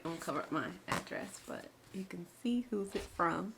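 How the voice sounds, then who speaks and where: A woman's voice: lowish voice, lively intonation, fairly quick, creaky, background noise. A woman, chatting casually and emotionally in a vlog from her home office, recorded by a camera on a tripod. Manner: chatty and emotional, with laughs and restarts. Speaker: vlogger.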